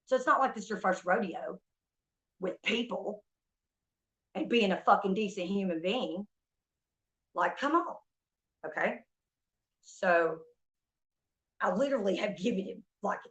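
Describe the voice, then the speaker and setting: A woman's voice: medium pitch, lively intonation, a little slow, long pauses, a bit bright. A young woman streamer telling a story in a heated, profane rant, venting about a stolen ring. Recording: dull lo-fi stream audio.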